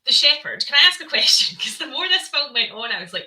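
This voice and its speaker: A woman co-hosting a podcast, chatting about films in an animated way with frequent laughter. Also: sits high, a little fast, poor audio. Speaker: podcast co-host. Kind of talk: casual film review chat.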